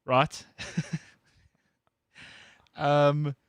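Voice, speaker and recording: A man's voice: on the high side, flat delivery, drawn-out words, fairly bright tone, clean tone, dry recording. Young guy, jokey, laughs a lot, dry studio sound. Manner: playful, laughs often. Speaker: co-host. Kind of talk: casual studio banter.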